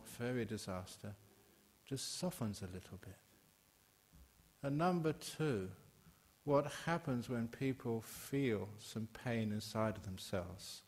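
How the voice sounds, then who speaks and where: An older man from England gives a Buddhist dharma talk to a gathered audience. His voice sits at an ordinary middle pitch, and he talks in a relaxed, joking way. He jumps sharply upward for emphasis, then drops back low and quiet. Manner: humorous, conversational, emphatic with sudden rises in pitch.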